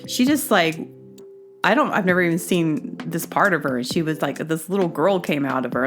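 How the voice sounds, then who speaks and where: A woman hosts her own podcast, telling a long casual story full of fillers and restarts while acting out what people said, with bursts of excited laughter. Her voice is low-pitched at a moderate pace, with soft background music behind her.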